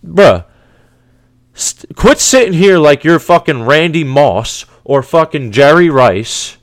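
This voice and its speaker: A man hosting a sports podcast launches into a heated, profane rant, his pitch swinging widely as he grows exasperated. He stumbles and restarts sentences, speaking expressively at a slow pace.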